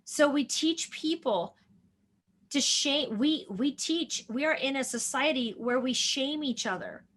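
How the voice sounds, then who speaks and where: A woman's voice: sits high, expressive, measured pace, a bit bright. A woman in her forties, a doctor being interviewed, speaking with emotional, earnest storytelling. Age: 40s. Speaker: guest doctor. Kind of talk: conversational interview.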